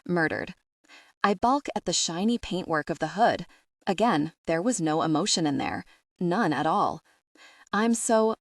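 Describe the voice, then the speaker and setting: A woman's voice: on the low side, expressive, normal speed, no room sound, clean studio sound. A woman narrating a first-person romance audiobook, reading both sides of the dialogue with light shifts.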